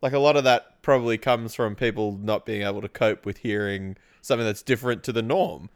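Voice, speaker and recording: An Australian man interviewing a musician in a relaxed, casual way, laughing along and giving short agreeing replies. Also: lowish voice, a little fast, smooth, dry recording, studio quality.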